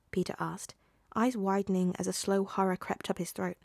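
A woman reads a fan story aloud in a soft, low-key manner. Her voice has a gravelly texture and sits at a middle pitch. The recording is close and dry. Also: fairly even intonation, normal speed, few pauses, dry recording. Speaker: podfic reader. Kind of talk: scripted narration of a fan story.

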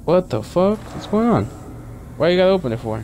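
A man's voice: high-pitched, sing-song, fairly quick, darkish tone, a little hiss or hum. A young man casually commentating a video game he is playing, joking and swearing as he reacts. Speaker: gaming YouTuber. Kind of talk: casual let's-play commentary.

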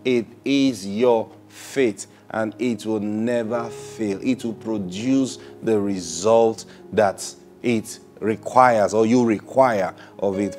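Guy preaching, stretches words out, repeats himself a lot, soft guitar music underneath. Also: fairly low pitch. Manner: drawn-out emphatic phrasing with repetitions. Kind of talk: sermon.

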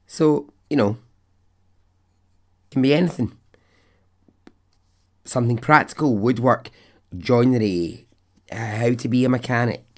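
A man's voice: mid-range voice, a little mellow. A man hosting a podcast, telling a true story in a casual, chatty way, laughing often and talking straight to the listener. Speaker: podcast host.

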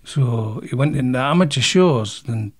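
A man with a husky, breathy voice spins a yarn as an interview guest. He talks bluntly, swears freely and acts out the punches as he tells it. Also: medium pitch, lively intonation, moderate pace. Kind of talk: casual storytelling.

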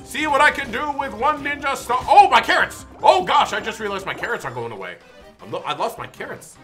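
A young man giving excitable gameplay commentary, yelping and shouting at the game. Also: extremely high pitch, a little fast, faint music behind. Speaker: gaming video host.

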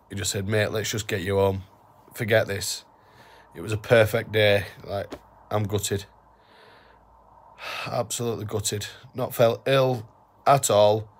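A man vlogging to camera while ill, talking quietly and apologetically. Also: lowish voice. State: ill and weak. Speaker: hiking vlogger. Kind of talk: casual vlog to camera.

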